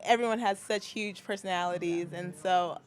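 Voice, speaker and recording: A young adult woman, a basketball player guest in an interview, answering in a relaxed, hesitant way with many fillers. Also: on the low side, moderate pace. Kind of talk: interview conversation.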